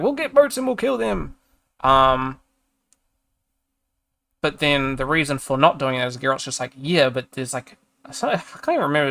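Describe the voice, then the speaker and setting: A streamer's mid-range voice sounds creaky and a bit bright. Chatting casually over a review he reads aloud, he rants in exasperation, curses, and leaves a sentence unfinished.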